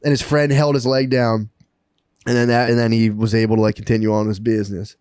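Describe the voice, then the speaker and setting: A man co-hosting a podcast, telling a story in casual chat, excited and profane, laughing and acting out the people he quotes. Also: on the low side, fairly quick, clean tone, no echo, studio quality. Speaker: podcast co-host.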